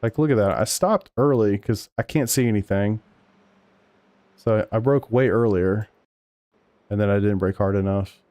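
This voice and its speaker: A man's voice: lowish voice, normal speed, long pauses, dark tone, dry recording. A man streaming sim racing live, talking over race replays and arguing back at his chat with plenty of swearing. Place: home sim racing room.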